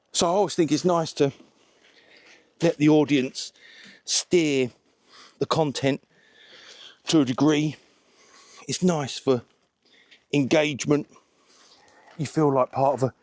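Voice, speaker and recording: A man chatting to camera while washing a car, relaxed and a little out of breath. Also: fairly high pitch, no echo. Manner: chatty, slow and unhurried, self-deprecating. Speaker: car detailing vlogger.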